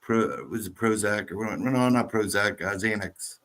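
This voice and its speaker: A man's voice: fairly low pitch, normal speed. A man on a talk show defensively denying and correcting a friend's version of a story. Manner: defensive, flatly denies and corrects. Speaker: guest in the story.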